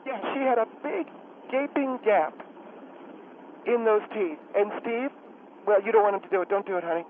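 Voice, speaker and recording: A man's voice: sits high, moderate pace, slight background noise, lightly acted. A man voicing a gossipy, indignant middle-aged woman caller who rambles and mocks, heard over a tinny phone line.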